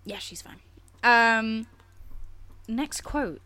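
Woman quiz host, slightly high voice, blunt and bossy, casual podcast. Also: big pitch swings, fairly quick, fairly bright tone. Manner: bossy, blunt, swears freely.

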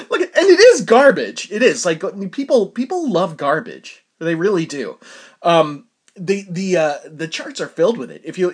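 A man's voice: sits high, slightly rough. A man hosting his own podcast, telling a casual solo story in a chatty, self-deprecating way and laughing often. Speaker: podcast host.

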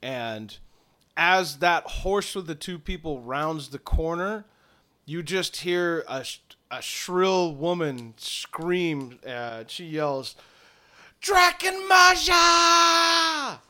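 Bright-voiced man narrating as game master. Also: a little high, takes it slowly. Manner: descriptive, easygoing, with frequent restarts.

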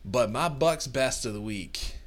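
A man's voice: mid-range voice, lively intonation, measured pace. A young man with a north Mississippi Southern accent, co-hosting a casual sports podcast with playful trash talk. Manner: playful trash talk, long enthusiastic lists. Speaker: podcast co-host.

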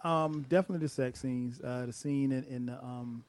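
A man's voice: mid-range voice, fairly even intonation, a little fast, a little mellow, no echo. A man chatting casually as a podcast guest, rambling with many fillers and restarts. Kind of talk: casual chat.

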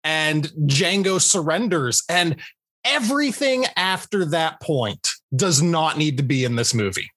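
A co-host in a casual movie podcast, animated and exasperated while recounting viewing reactions. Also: medium pitch, a little slow, dry recording.

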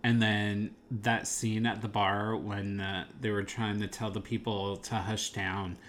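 Male co-host, unhurried and animated, mid pitch, faint ambient hiss; casual movie review chat. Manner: enthusiastic, rambling, laughs often.

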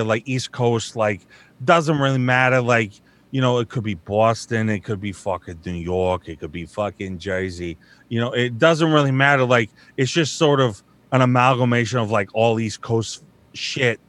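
Brief: casual man voice actor, mid-pitched, rambling with lots of fillers and swearing, dry close sound. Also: a bit bright, dry recording. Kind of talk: casual chat.

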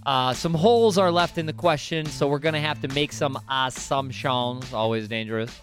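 A man's voice: mid-range voice, moderate pace, soft background music. A man, co-hosting a money podcast, introducing questions with upbeat, jokey patter. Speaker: podcast co-host. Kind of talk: casual podcast banter.

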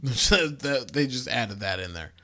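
A man's voice: medium pitch, expressive, slow, sharp tone. A man co-hosting a comedy podcast, chatting casually and reading news stories aloud with a laugh. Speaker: podcast co-host.

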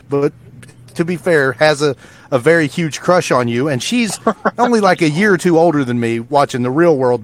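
A man co-hosting a podcast, asking questions in a rambling, hesitant, friendly way. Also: mid-range voice. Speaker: podcast co-host. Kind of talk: casual interview chat.

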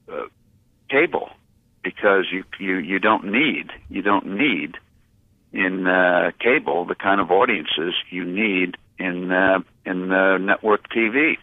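Halting deep-voiced man on a tinny phone line. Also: dry recording. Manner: halting, many uh fillers and restarts. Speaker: interview guest, publisher. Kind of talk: unscripted interview answers.

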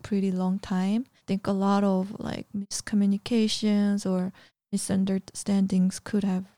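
A woman in casual conversation, chatty and quick to finish her partner's sentences. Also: medium pitch, warm tone, no echo, clean studio sound. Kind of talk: casual chat.

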